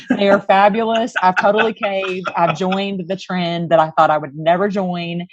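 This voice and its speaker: A woman's voice: fairly low pitch, fairly even intonation, unhurried, dry recording, muffled recording. A woman co-hosting a podcast, chatting in a bubbly way and laughing easily. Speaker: podcast co-host. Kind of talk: casual podcast chat.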